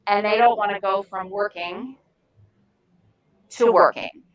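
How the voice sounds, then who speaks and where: A woman leading an informal volunteer training session, talking frankly with lively asides. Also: medium pitch, unhurried, muffled recording. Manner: frank, animated, chatty with asides and laughs.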